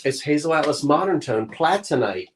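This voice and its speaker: A man's voice: on the high side, animated, moderate pace, slight background noise. A man co-hosting an antiques show, chatting casually and explaining vintage glassware in detail.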